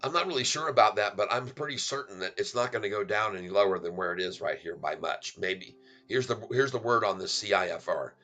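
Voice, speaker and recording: Faint music plays behind a middle-aged man whose low-ish, slightly bright voice moves briskly with few pauses. He's running a playful, sing-song stock chat on a livestream, cracking jokes, rhyming and laughing a lot as he pumps up his viewers.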